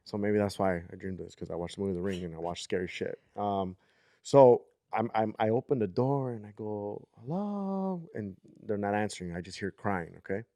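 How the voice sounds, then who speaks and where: A man in his thirties tells a long story on a podcast, rambling and checking in with his listener. His voice sits on the low side. The recording is dry and close. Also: brisk, warm tone, dry recording. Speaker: podcast co-host. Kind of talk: casual storytelling chat.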